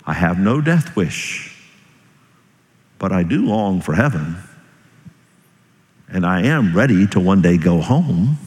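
Animated preacher in a reverberant hall. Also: male voice. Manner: animated preaching, swings from loud high emphasis to slow low tones. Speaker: pastor. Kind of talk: sermon.

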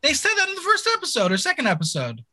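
Animated bright-voiced man hosting a chat. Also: extremely high pitch, quick pace, no echo. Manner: animated, laughing, joking. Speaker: podcast host recapping a TV show. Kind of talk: casual chat.

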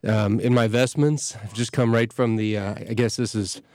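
A middle-aged man, a parish priest hosting a show, talking casually in a halting way with many restarts and fillers. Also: on the low side, steady tone, a little mellow, no echo, clean studio sound. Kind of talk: casual talk.

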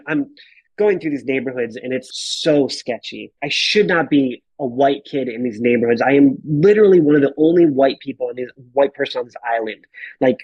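Animated, swearing man telling a story. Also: medium pitch, dry recording, dull audio. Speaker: podcast guest. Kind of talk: casual storytelling.

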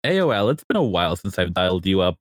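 A man playing a sly, smooth-talking crew boss. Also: low-pitched, sing-song, quick pace, dry recording, studio quality. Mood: persuasive. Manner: wheedling, persuasive, chatty.

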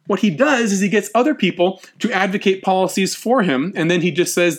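A man giving a history lecture in an animated way, acting out quotes and often restarting his words. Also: sits high, fairly quick.

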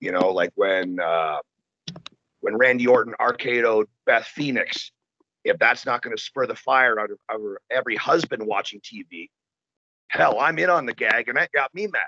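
A man in casual conversation, telling stories in an animated, profane way. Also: mid-range voice, moderate pace, a little hiss or hum. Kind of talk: casual chat. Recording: dull lo-fi sound.

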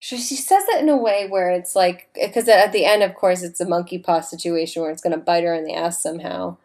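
A young woman in casual chat, retelling a film scene by scene with lively acted-out lines and casual swearing. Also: lowish voice, a little fast. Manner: animated, acts out characters, swears freely.

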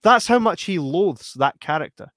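A man's voice: on the high side, normal speed, no room sound. Man chatting animatedly about a film. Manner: animated, acts out film lines in put-on voices, laughs often. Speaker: podcast co-host. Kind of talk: casual film review chat.

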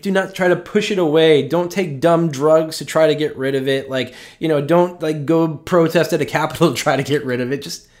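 A male pastor giving a conversational, openly emotional sermon, often checking in with "right?" and slowing down on tender points. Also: on the high side, darkish tone. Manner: earnest and personal, with frequent "right?" asides.

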